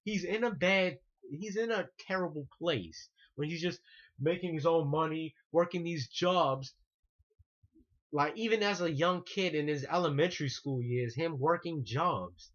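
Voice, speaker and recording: A man's voice: a little high, measured pace, a bit bright. A man ranting indignantly in a vlog monologue, repeating himself and restarting sentences. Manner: indignant, repetitive, frequent restarts. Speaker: online ranter. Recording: muffled lo-fi recording.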